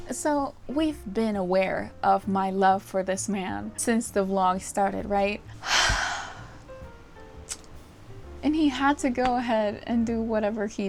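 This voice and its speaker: A young woman talking casually as a book vlogger, gushing and animated, laughing often and swearing now and then. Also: fairly high pitch. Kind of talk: casual chat.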